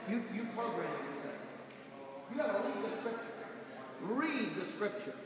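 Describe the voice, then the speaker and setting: Animated older man preaching in a hall. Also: high-pitched. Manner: animated, folksy preaching with exclamations. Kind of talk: sermon. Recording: 1990s church recording in a reverberant hall.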